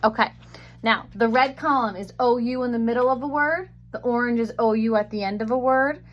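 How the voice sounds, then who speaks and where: A woman teaching a phonics lesson, sounding out words slowly and carefully on a webcam microphone. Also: a little high.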